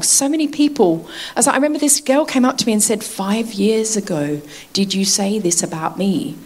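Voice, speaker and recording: A woman preaching a sermon in a chatty way, laughing often and asking her listeners to agree. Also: sits high.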